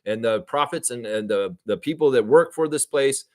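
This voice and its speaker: A man's voice: medium pitch, moderate pace, darkish tone, dry recording, studio quality. A man hosting a live-streamed fan trivia show, chatting casually with viewers, calling them y'all and using frequent fillers. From Canada. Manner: chatty, addresses chat as y'all, many fillers.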